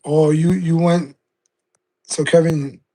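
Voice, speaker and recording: A man's voice: fairly high pitch, level tone, slow pace, dark tone. A man, chatting casually on a live stream and rambling through stories full of fillers and restarts. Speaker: game streamer.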